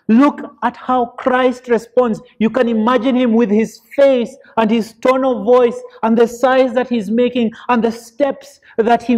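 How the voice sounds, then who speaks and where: Male deacon, church Bible study; slow, deliberate delivery, emphatic, draws answers from the congregation. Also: very high-pitched, darkish tone. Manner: asks the listeners fill-in questions; earnest, emphatic preaching.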